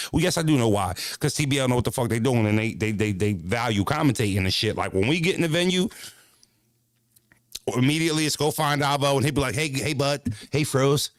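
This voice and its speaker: A man's voice: mid-range voice, no echo, studio quality. Brash profane male streamer. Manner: brash, profane, rambling, repeats himself. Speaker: streamer and battle-rap commentator. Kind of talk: casual stream talk.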